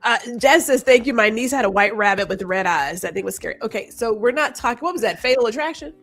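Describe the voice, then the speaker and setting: A woman hosting a podcast, talking in a chatty, animated way and reading out viewer comments. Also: on the high side, fast, soft background music. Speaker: podcast host. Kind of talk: casual interview chat.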